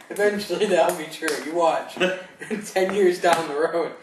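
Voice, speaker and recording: A man's voice: a little high, takes it slowly. A young man co-hosting a casual chat, joking, swearing and laughing often. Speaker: co-host. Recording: echoey room, distant mic, faint noise.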